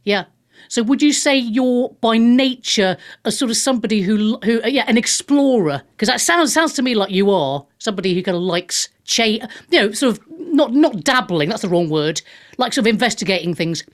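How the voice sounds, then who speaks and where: A woman's voice: fairly high pitch, expressive, moderate pace. A woman hosting a casual interview, who often restarts her questions while searching for the right words. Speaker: host.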